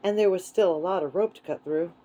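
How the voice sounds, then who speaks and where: A woman reading a children's book aloud in a gentle, unhurried way. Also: lowish voice, poor audio. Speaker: storyteller.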